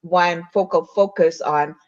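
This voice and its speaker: A woman's voice: on the low side, fairly even intonation, a little slow, dull audio. A woman co-hosting a podcast, speaking hesitantly, restarting and searching for words. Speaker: podcast co-host. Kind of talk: podcast conversation.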